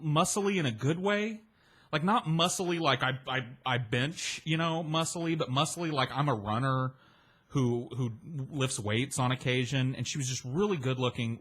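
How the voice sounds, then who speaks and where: A man's voice: medium pitch, fairly bright tone, husky. A man spins a long personal anecdote in an easy, rambling way. He backtracks, repeats words, and drops casual swearing. Now and then he lifts his voice to play the people in his story.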